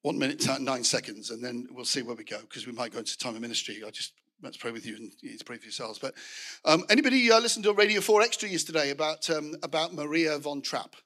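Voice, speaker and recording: A man's voice: mid-range voice, lively intonation, fast talker, bright, forceful tone. A middle-aged man preaching a sermon, telling anecdotes with restarts and asides to the congregation.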